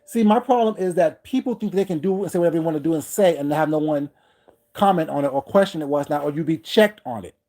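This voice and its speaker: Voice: medium pitch, quick pace. Heated livestream host ranting at chat. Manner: confrontational, repeats points, greets viewers warmly by name mid-rant.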